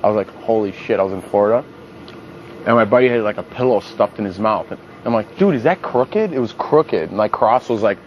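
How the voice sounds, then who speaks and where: A man's voice: lowish voice, a little fast, lo-fi sound, slight background noise. A young man, a reality show contestant, casually telling profane stories and acting out what people said in a raised voice. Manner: animated, profane, acts out quotes in a raised voice. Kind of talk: casual storytelling.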